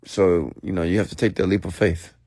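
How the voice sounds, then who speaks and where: A man's voice: low voice, steady tone, brisk, dark tone, husky, no echo, clean studio sound. A man hosting an unscripted livestream rant, talking casually and checking in with "okay?" and "get it?". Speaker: online marketing host.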